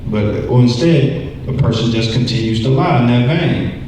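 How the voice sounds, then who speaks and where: Conversational preacher in an echoey room. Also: male voice, mid-range voice, moderate pace, a little mellow, slight background noise. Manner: conversational, repeats words, acts out voices. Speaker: Bible study teacher. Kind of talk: church lesson, sermon-like. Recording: echoey room, distant mic.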